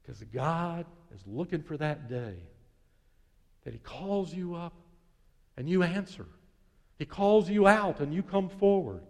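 A male pastor preaching a sermon, telling a story in hushed tones that rise and build, then leading a prayer. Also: fairly high pitch, lively intonation, unhurried, pauses often, big-room sound.

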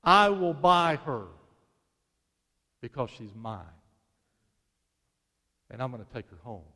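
Man doing a deep, tender husband. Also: a little slow, slightly rough. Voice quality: deep baritone. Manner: calm, quiet, tender. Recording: long reverb of a large hall.

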